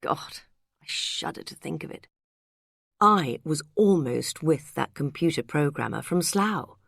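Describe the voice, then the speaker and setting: A woman's voice: low-pitched, a little slow, gravelly, breathy edge, dry recording, exaggerated voice. A woman reading a wry, self-mocking friend. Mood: wry amused. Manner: dry, self-mocking, relaxed. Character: wry, worldly woman friend, tipsy storyteller.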